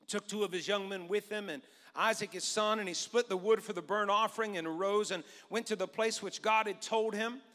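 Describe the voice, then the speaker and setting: A male pastor preaching a sermon, telling a Bible story in an animated way and acting out the voices. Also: high-pitched, in a large hall.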